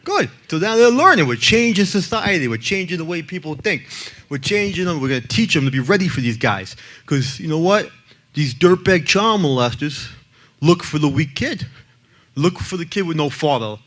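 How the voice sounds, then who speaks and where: A man's voice: on the high side, big pitch swings, normal speed, fairly bright tone. A man speaking to an audience as a child abuse prevention advocate, telling blunt stories with jokes and acting out the people in them. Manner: blunt and brash, acts out other people in his stories. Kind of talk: blunt talk with joking stories.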